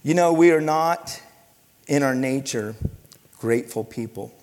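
Pastor preaching in a reverberant hall. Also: male voice, mid-range voice, a little slow. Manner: animated storytelling with many restarts and repeats. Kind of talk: sermon. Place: church sanctuary. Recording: long reverb of a church hall.

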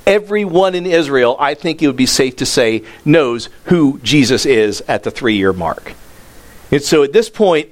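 A man's voice: on the high side, expressive, moderate pace. A pastor delivering a sermon in a conversational way, raising his voice for emphasis. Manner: conversational preaching that rises in emphasis on quoted lines.

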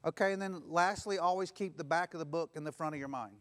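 High-pitched guy preaching in church, repeats lines and gets the crowd to say them back. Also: fast, fairly bright tone. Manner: exhorting, repeats phrases and leads call-and-response. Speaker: pastor. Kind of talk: sermon.

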